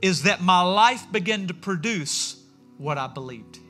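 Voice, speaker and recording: A pastor preaches in a loose, story-driven way, dropping into little voices for the people he quotes. His voice is high-set and very bright, and soft music sits under it. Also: lively intonation, measured pace. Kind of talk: sermon. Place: church sanctuary.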